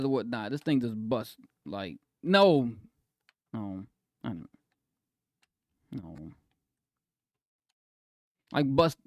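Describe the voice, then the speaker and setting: A man streaming live in casual chat, swinging between soft apologies and loud excited exclaims, laughing and cutting himself off often. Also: medium pitch, slow pace, long pauses, dry recording, studio quality. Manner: self-interrupting, laughs often.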